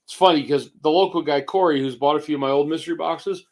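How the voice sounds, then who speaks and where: A man in his fifties co-hosting a casual chat, gruff and rambling, with restarts and swearing. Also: on the high side, fast talker. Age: 50s. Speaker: co-host.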